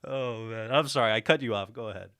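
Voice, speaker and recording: A man hosting a casual livestream, excited and rambling, laughing often between thoughts. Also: fairly low pitch, quick pace. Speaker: livestream host.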